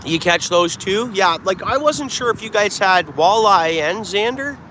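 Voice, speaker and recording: A man with a slightly high voice talks easily to his live-stream viewers, greeting them and thinking aloud. He is outdoors, and the recording carries plenty of ambient noise from the water and nearby traffic. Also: animated, measured pace, pushed and bright. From Canada. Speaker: fishing streamer. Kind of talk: live-stream chat while fishing. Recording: clear outdoor background noise.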